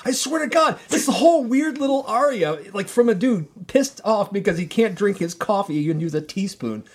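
A young man co-hosting a casual podcast, rambling excitedly with lots of fillers and swearing. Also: high-pitched, normal speed, slightly rough. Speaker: podcast co-host. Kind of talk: casual chat.

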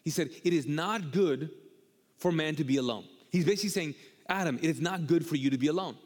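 A male pastor preaching a sermon and chatting with a co-host. He is animated, repeats himself and acts out quotes. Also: a little high, a little fast. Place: church auditorium. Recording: long hall reverb.

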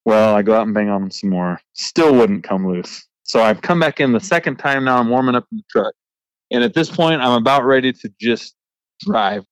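A man's voice: medium pitch, moderate pace, smooth, no echo, poor audio. Man telling a trucking story. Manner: animated, frustrated, laughing retelling. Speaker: podcast host, trucker. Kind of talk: casual storytelling. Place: remote recording.

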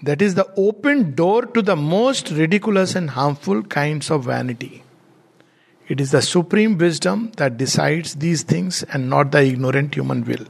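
Spiritual teacher: man, voice on the higher side, earnest, teaching through anecdotes. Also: lively intonation, normal speed, vocal fry. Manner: earnest, with laughs and spoken lists of virtues.

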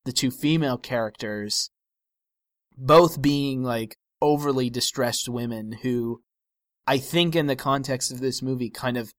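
A man's voice: mid-range voice, measured pace, no echo, studio quality. A man co-hosting a film podcast, giving wry, analytical opinions in casual discussion with frequent restarts.

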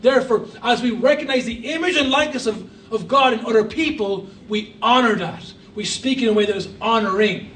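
A man's voice: very high-pitched, fairly quick, few pauses, a bit bright, roomy sound, far from the mic, a little hiss or hum, low-quality recording. A man preaching a sermon as a guest pastor, emphatic with humorous asides. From Ireland. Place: church hall.

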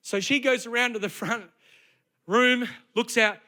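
A middle-aged man delivers a sermon from a church stage in a high, very bright and forceful voice. He preaches in a lively storytelling style and keeps asking the congregation rhetorical questions. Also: a little slow. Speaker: pastor.

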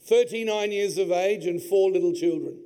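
A man, preaching a sermon in a large church hall and telling his own family story with deep feeling. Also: moderate pace, dark tone, clean tone. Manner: heartfelt personal storytelling. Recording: long hall reverb.

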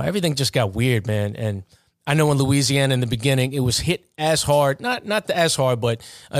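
A man's voice: mid-range voice, dry recording, studio quality. A man with a New York accent hosting a podcast interview, talking casually and rambling, with lots of fillers. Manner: rambling, many fillers like "man" and "you know". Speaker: podcast host and referee.

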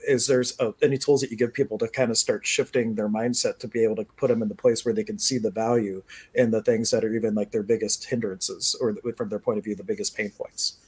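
Husky-voiced male interviewer. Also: medium pitch. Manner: eager, rambling questions. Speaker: podcast host. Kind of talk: interview questions.

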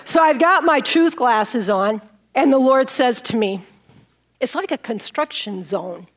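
Animated woman preaching a playful sermon. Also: a little high, measured pace. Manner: playful, animated, laughs at herself. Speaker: pastor. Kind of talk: sermon with props and personal story.

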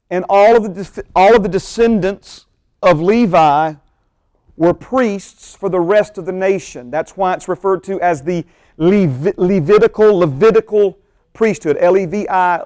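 Male pastor, high clear voice, emphatic sermon teaching, dry close sound. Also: a little mellow, dry recording. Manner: emphatic, slows down to stress key phrases; asides to the congregation in a quick low voice.

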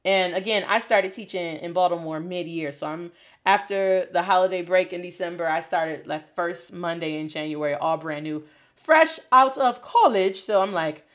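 A young adult woman, a Spanish teacher, giving a casual spoken lesson, animated and slangy, dropping Spanish phrases into her talk. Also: lowish voice, normal speed.

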